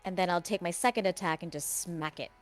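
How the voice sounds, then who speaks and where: Lower-voiced woman tabletop player. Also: brisk, faint music behind. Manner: casual, asks rules questions as she plays. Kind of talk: tabletop game play.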